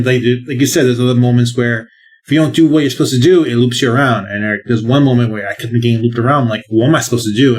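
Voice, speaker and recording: A man with a middle-pitched voice chats about a video game on a podcast. He rambles, restarts his sentences, and swears casually. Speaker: podcast co-host. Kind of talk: casual game review chat.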